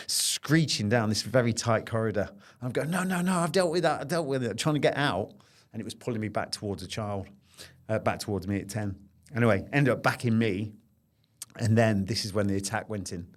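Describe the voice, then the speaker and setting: A middle-aged man with a lowish voice appears as a podcast guest, telling a personal story. He's earnest and intense, repeating phrases as he relives the experience.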